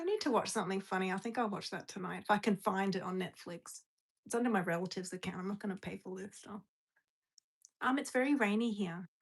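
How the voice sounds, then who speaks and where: Chatting with viewers over a phone or webcam stream, a young host giggles and rambles, frequently cutting herself off and restarting. She speaks at a medium pitch, and the recording sounds rough.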